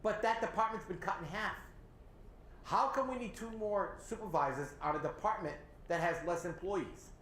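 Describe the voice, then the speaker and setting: A man with a New England accent hosting a local talk show, animated and sarcastic as he criticizes city leaders. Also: sits high, fairly quick, hardly any pauses. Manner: animated, sarcastic, mocks others in put-on voices. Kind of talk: opinionated local politics discussion. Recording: echoey room with faint ambient noise.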